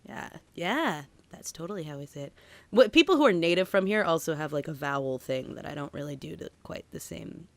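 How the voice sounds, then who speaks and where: Animated, dry-sounding woman podcaster. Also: sits low, a little fast, no room sound. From Massachusetts, USA. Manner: animated, laughing, lots of "like". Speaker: podcast co-host. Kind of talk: casual chat.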